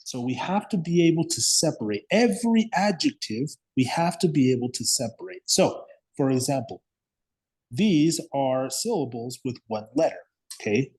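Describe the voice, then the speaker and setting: A man's voice: mid-range voice, lively intonation, normal speed, darkish tone, slightly rough. A man teaching an English grammar lesson, patiently repeating words and checking understanding with frequent "okay?" and "yes?".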